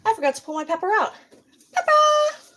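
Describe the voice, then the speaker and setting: A woman with a high voice chats her way through a recipe in her home kitchen, talking straight to her livestream viewers. Her talk is loose and rambling, and she drifts off-mic now and then as she moves about. A faint hiss of noise sits under the recording. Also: expressive, measured pace. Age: adult, parent. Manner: chatty, rambling, talks to viewers while cooking; moves around, sometimes steps away from the mic. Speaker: cooking channel host. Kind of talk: casual cooking livestream chat.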